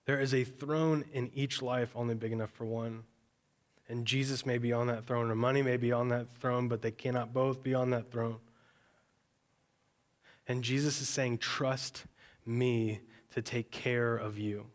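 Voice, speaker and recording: A man in his thirties, a pastor preaching a sermon in a relaxed, conversational way. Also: medium pitch, moderate pace. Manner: conversational, storytelling with acted quotes.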